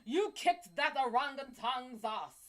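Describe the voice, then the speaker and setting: A woman's voice: high-pitched, expressive, unhurried. A woman voicing a doting, theatrical partner with a put-on British accent, fawning over and scolding her man.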